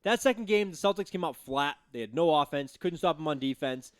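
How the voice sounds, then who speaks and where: A man co-hosting a sports podcast, talking as an excitable, worked-up fan. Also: fairly high pitch, a little fast, smooth, no room sound, clean studio sound. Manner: animated, excitable fan talk. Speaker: podcast co-host. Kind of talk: casual sports talk.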